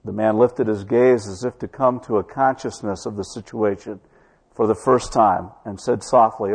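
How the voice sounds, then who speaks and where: A male pastor delivers a sermon in a church, his voice slightly husky and breathy. He tells a story to the congregation, drawing out his key words for emphasis. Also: on the low side, steady tone, a little mellow, long reverb tail. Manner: storytelling preacher, slows for emphasis.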